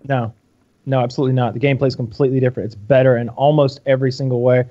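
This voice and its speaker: Guy rambling on a podcast, swears a lot, keeps restarting, mid-pitched, dull recording. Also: little pitch movement, racing, warm tone. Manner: rambling, profane, lots of restarts. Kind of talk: casual chat.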